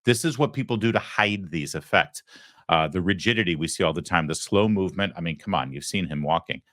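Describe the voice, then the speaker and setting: A man's voice: low voice, a little fast, fairly bright tone, no echo, studio quality. A man hosting a talk show, giving emphatic opinionated commentary and asking rhetorical questions. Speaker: host.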